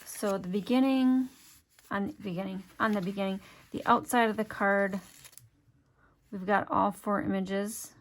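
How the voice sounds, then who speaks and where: A woman's voice: mid-range voice, fairly even intonation, a little slow. Midwestern lady walking you through a card craft, chatty, talks while she works. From Wisconsin, USA. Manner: chatty, step-by-step, thinks aloud while working. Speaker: craft demonstrator. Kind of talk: hands-on craft tutorial.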